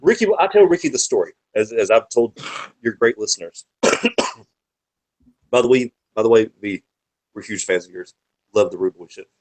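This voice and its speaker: A man's voice: on the low side, normal speed, pauses often, poor audio. A man talking as a podcast guest, swearing freely while he tells long wrestling-world anecdotes. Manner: profane, animated, rambling anecdotes. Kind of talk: casual storytelling chat.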